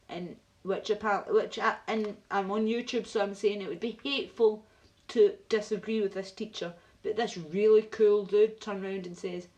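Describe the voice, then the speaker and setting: A Scottish woman hosting a casual live stream, her voice sitting at an everyday middle pitch. She chats bluntly, swears freely and reads video titles aloud as she scrolls. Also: darkish tone, poor audio. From Scotland.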